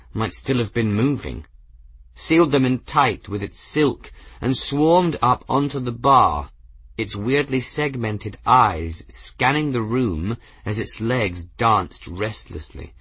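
A man's voice: on the low side, husky, no echo. A man narrating an adventure audiobook expressively. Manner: expressive, voicing characters. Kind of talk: scripted narration.

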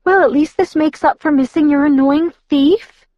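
A woman's voice: high voice, normal speed, no room sound, lo-fi sound, voice pushed up, natural voice. Woman doing a bubbly, pushy young vampire girl. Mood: chatty. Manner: bright, bubbly and insistent. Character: perky, pushy young female vampire friend. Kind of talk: audiobook character voice.

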